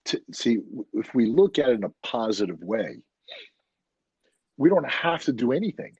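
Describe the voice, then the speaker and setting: A man guest telling stories in a blunt, animated, casual way. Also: medium pitch, moderate pace, breathy edge, no room sound, muffled recording. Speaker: podcast guest. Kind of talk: casual chat.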